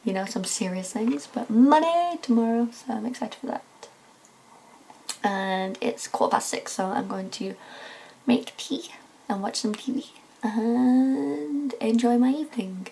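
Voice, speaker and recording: A young English woman talking casually in a video diary, gushing and excitable, often sighing and sometimes dropping to a hushed near-whisper. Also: on the high side, measured pace, creaky, slight background noise. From England. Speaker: vlogger.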